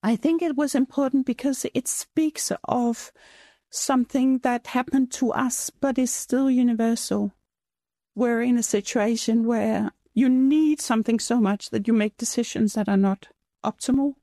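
A middle-aged woman being interviewed about becoming a mother, speaking in a halting, emotional, reflective way. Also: a little high, fairly even intonation, dark tone, no room sound, studio quality. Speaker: interviewee, mother of a donor-conceived child.

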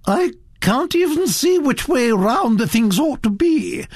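A man voicing an imperious elderly duchess, blunt and domineering, speaking in a brisk, commanding way. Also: extremely high pitch, big pitch swings, a little mellow, slightly rough, dry recording, clean studio sound, pitched above the performer's own voice, full character voice.

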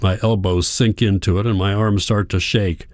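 A man with a very low voice reads a first-person story in a calm, measured way. The recording is dry and close, with no room sound. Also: no echo. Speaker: audiobook narrator. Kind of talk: scripted first-person narration.

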